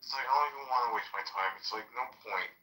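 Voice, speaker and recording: A man's voice: on the low side, rapid-fire, pushed and bright, recorded from a distance. A man chatting casually on a podcast, telling stories in a rambling, profane way with lots of fillers. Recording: roomy, off-mic sound.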